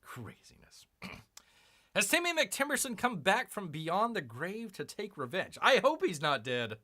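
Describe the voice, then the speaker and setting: A man's voice: sits high, sing-song, a little slow, pushed and bright. A man hosting a casual live stream, rambling and self-mocking as he unboxes comics and reads chat, calling himself Bear.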